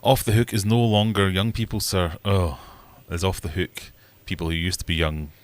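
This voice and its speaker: A man's voice: low-pitched, fairly even intonation, normal speed. A middle-aged man hosting a casual livestream chat, rambling jokily with self-mocking asides and acting out other people's voices. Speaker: livestream host.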